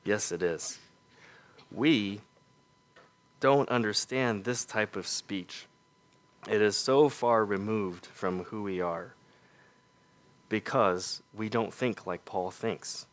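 A male preacher delivering a sermon in a low voice. He talks slowly and deliberately and asks his listeners one rhetorical question after another. On his key points his voice falls soft and quiet. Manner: earnest, rhetorical questions, drops to soft emphatic lows.

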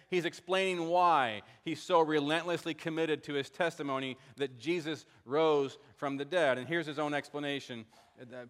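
A man preaching a sermon, his voice sitting somewhat high for a man. He reads scripture and stops to ask pointed questions. A long reverb hangs behind him from the large hall. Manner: questioning, explains scripture aloud. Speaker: pastor.

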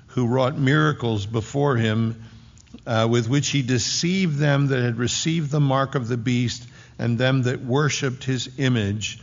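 Gravelly-voiced man preaching a sermon. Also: mid-range voice, in a large hall, dull audio. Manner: conversational preaching, sarcastic asides. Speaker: pastor.

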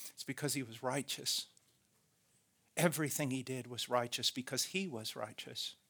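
A man's voice: medium pitch, normal speed, bright, forceful tone. A man preaching a sermon, earnest and emphatic, repeating key phrases.

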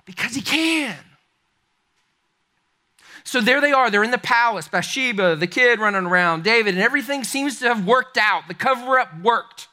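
A man preaching a sermon, telling a story in an animated, conversational way that speaks straight to his listeners. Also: very high-pitched, brisk, few pauses. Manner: animated, conversational, addresses the congregation directly. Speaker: pastor.

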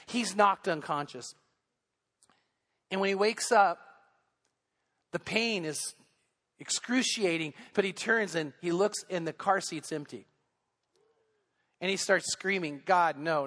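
Male pastor, high voice, earnest storytelling sermon, long church reverb. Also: pushed and bright. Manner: earnest storytelling, building intensity. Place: church sanctuary.

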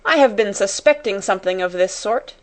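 A woman's voice: mid-range voice, animated, brisk, close to an everyday voice. A woman voicing a furious, strict middle-aged headmistress who scolds sharply.

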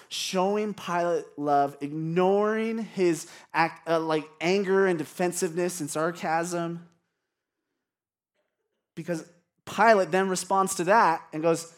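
Male pastor, high register, casual candid sermon delivery with self-deprecating asides. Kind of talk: conversational sermon. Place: church congregation.

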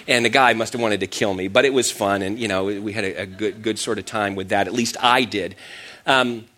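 A middle-aged pastor preaches a sermon, telling a personal story with self-deprecating humor and frequently restarting his sentences. His voice sits on the low side, quick, bright, and forceful.

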